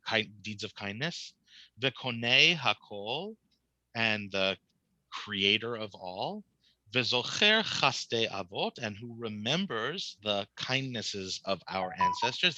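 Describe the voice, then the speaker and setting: A man's voice: on the low side, pushed and bright, dry recording, lo-fi sound. A man, a cantor, teaching a class casually, explaining prayer translations and questioning his students.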